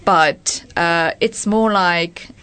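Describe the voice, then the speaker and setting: A woman with a slightly low voice answers questions as a guest in a casual chat. She speaks hesitantly and searches for the right words. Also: very slow, fairly bright tone, clean tone.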